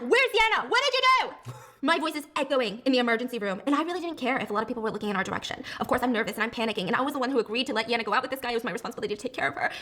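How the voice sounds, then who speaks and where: A woman reading a story aloud with animated, excitable delivery. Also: on the high side. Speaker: story narrator.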